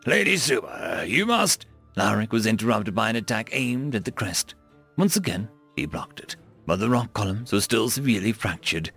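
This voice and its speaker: Gravelly male audiobook narrator. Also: fairly low pitch, brisk, faint music behind. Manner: steady storytelling, voicing each character.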